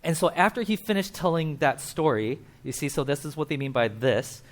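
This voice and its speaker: A man's voice: a little high, expressive, brisk. A man preaching a casual, conversational sermon at a church, explaining with asides and acting out quotes. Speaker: pastor.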